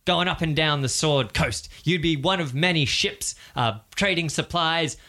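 A man playing an excitable male recruiter who hawks sailor jobs at a street booth with loud, pushy sales patter. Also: a little high, unhurried, pitched above the performer's own voice. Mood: eager salesman.

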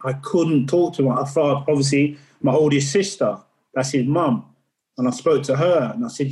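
A man's voice: mid-range voice, normal speed, a little mellow, rough recording. A middle-aged man, a podcast guest, tells a personal story in earnest and often repeats words as he recalls it. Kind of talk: candid interview storytelling.

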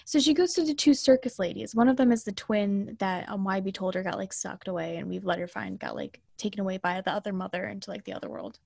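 A young adult woman co-hosting a casual chat, retelling a film in an animated, chatty way with mock-indignant asides. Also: medium pitch, quick pace, creaky, few pauses, dry recording, studio quality.

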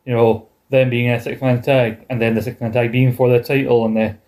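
A man chats through an old wrestling broadcast with a co-host. His talk is loose and rambling, with swearing and jokey asides, and his pitch sits at an ordinary middle height. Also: little pitch movement, fairly quick, a little mellow. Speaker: podcast co-host. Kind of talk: casual chat recapping wrestling.

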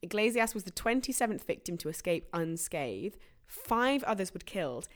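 A woman hosting a chatty podcast, a little tipsy from red wine. Her voice rises and falls with lots of movement as she narrates and rants. She swears casually and keeps the telling loose and animated. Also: lowish voice, moderate pace. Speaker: podcast host telling a story. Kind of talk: casual chat.

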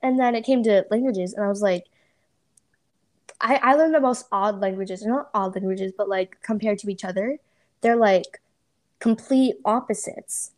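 A woman's voice: mid-range voice, normal speed. A young adult woman hosting a podcast, chatting casually and hesitantly with many fillers. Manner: hesitant, many ums and likes. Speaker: podcast host. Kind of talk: casual interview chat.

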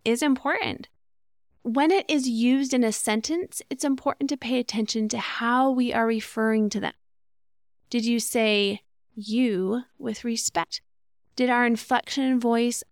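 This podcast host is a woman with a medium-pitched, gravelly yet fairly bright voice that sounds clear and resonant. Recorded dry and at studio quality, she delivers an earnest, instructive relationship-advice monologue, now and then acting out example phrases.

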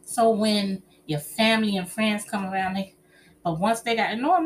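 This middle-aged woman has a mid-range voice and normal pace, and she chats expressively through personal stories and relationship advice, calling listeners honey and child. A little hiss or hum runs in the background.

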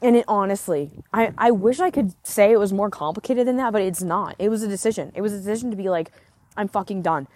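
A woman hosting a solo podcast, talking candidly and excitedly as a business coach, often swearing and filling with "like" and "right?", recorded outdoors. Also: mid-range voice, fast talker, few pauses. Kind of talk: casual solo podcast monologue.

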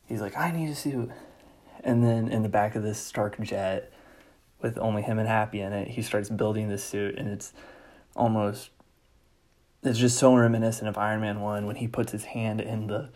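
A man's voice: on the low side, level tone, moderate pace, darkish tone. A man casually recapping a movie, enthusiastic and rambling, with lots of fillers. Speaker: movie reviewer.

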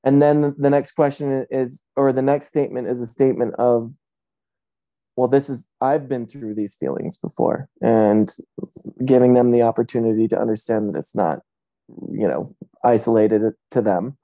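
Halting man with a very dark voice. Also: medium pitch, fairly even intonation, dry recording, low-quality recording. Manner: halting, restarts often, reflective.

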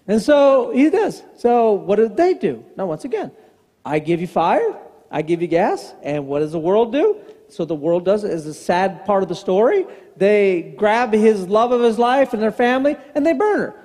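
A man preaching a sermon as pastor, conversational and joking, acting out the people in the story with quick voices. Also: sits high, big pitch swings, dark tone. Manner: conversational, acts out quotes in voices. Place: church hall. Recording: hall reverb.

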